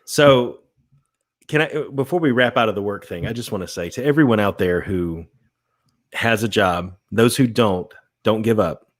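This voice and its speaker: A man's voice: on the low side, moderate pace. A man co-hosting a podcast in casual chat, teasing his partner and giving earnest little speeches. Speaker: podcast co-host.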